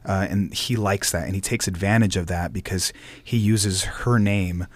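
A man who is a stage actor talks loosely in an interview, circling back over his words. His voice sits very low. The recording is dry, with no room sound. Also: steady tone, normal speed, no room sound. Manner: rambling, many fillers and restarts. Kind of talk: casual interview chat.

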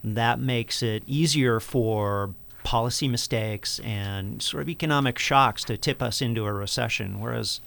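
A man who directs an economic research center, answering interview questions in a measured, explanatory way with frequent fillers. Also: mid-range voice, creaky, a bit bright.

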